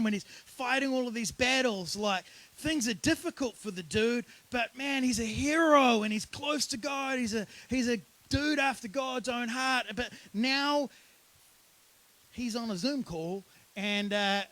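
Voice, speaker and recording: A man's voice: sits high, a bit bright, poor audio. A man preaching a sermon as pastor, in a casual, conversational storytelling manner.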